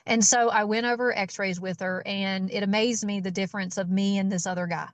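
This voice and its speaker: A woman guest on a podcast, telling a story with animation and acting out each voice in it. Her voice sits in a middle pitch. The sound is close and dry, with no room echo. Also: brisk, few pauses. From Georgia, US. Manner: animated storyteller who acts out quoted dialogue. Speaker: chiropractor guest. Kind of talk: storytelling in an interview.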